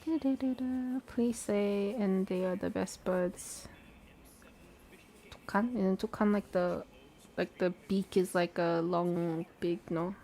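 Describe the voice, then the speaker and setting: A woman's voice: medium pitch, steady tone, moderate pace, dark tone. A woman hosting a live-stream watch party, chatting casually and answering viewer questions aloud. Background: faint background music.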